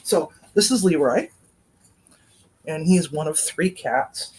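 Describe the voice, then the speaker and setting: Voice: medium pitch, expressive, takes it slowly, a little mellow, husky. A chef and cooking vlogger giving a casual personal update from a home kitchen, telling a story with tangents into a laptop webcam.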